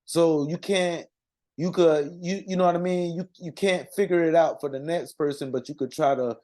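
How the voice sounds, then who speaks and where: Guy rambling to his community, mellow low-key voice, keeps restarting, lots of ums. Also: steady tone. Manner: halting, many restarts and fillers. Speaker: religious community speaker. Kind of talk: unscripted monologue.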